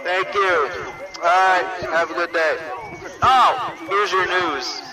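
A booming stage announcer calming an imagined audience, put on by a man. His voice soars high and slow, shouted from a distance with crowd noise behind. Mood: showman. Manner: loud, drawn-out showman delivery.

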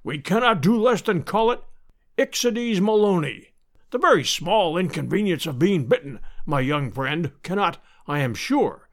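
A man doing a booming pompous old professor. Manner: pompous, lecturing. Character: booming pedantic older male professor.

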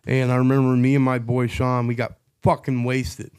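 A man's voice: mid-range voice, monotone, moderate pace, darkish tone, smooth. A middle-aged man hosting a podcast, drunk, telling crude stories and joking in casual chat. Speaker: podcast host.

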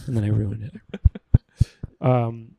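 A man's voice: fairly low pitch, fairly even intonation, slow, vocal fry, mellow, slight background noise. A man guesting on a podcast, telling rambling stories in casual chat and laughing at his own jokes.

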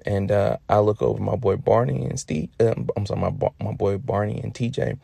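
A man's voice: lowish voice, steady tone, a little fast, vocal fry, mellow, breathy edge, no room sound. A man telling funny stories casually, profane and slangy, laid-back with lots of fillers. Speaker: storyteller. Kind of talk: casual comic storytelling.

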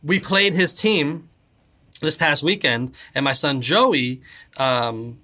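Bright-voiced animated dad on a podcast. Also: male voice, slow. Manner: animated storyteller, acts out quotes with big pitch jumps. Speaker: podcast co-host. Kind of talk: casual chat.

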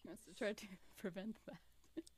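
A woman's voice: mid-range voice, normal speed, a little mellow, breathy edge. Wry giggly woman player. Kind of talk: casual game chat.

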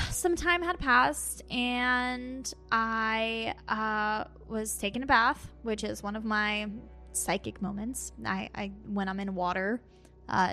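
High-pitched woman telling a lively story. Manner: animated storytelling, acts out her own quotes with laughs. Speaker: podcast co-host telling her story. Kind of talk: casual chat.

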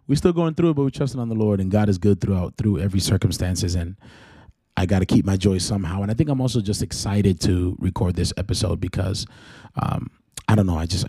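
A man with a Southern US accent talks through a casual faith podcast, joking around and correcting himself as he rambles. His voice sits on the lower side and sounds warm and mellow. The sound is dry and close, with no room echo. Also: breathy edge. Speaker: podcast host.

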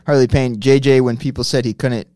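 A man's voice: mid-range voice, steady tone, fairly quick, warm tone, no room sound, studio quality. A man co-hosting a podcast in casual chat, playful and fond of mock quotes. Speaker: podcast co-host.

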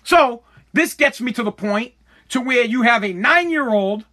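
A man's voice: extremely high pitch, expressive, unhurried, pushed and bright. A man telling a story about his child in a casual, exasperated, profane rant, acting out the voices of the people in it.

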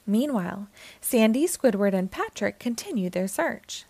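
A woman narrating a children's storybook aloud, with an expressive, clear delivery. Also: mid-range voice, normal speed, dry recording. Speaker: children's book reader.

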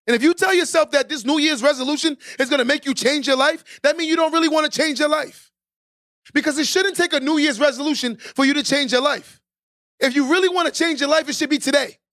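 Man, podcast host, very high voice, emphatic motivational monologue, repeats himself for stress, bursts into shouting. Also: fast talker. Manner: emphatic and preachy, repeats key lines for stress; builds to shouted exhortations.

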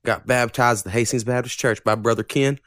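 A man's voice: mid-range voice, fairly even intonation, brisk, a bit bright, no room sound. A young man hosting a podcast in loose, profane casual chat, rambling with lots of fillers into a close mic. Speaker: podcast host.

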